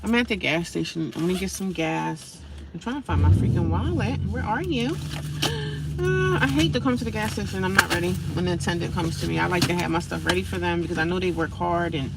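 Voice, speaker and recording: A woman's voice: fairly low pitch, animated, brisk, vocal fry, recorded from a distance, heavy background noise. A woman in a car at a gas station, talking casually and ramblingly to her viewers, encouraging herself as she goes. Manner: chatty, rambling, self-encouraging. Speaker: vlogger. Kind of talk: casual vlog talk to viewers.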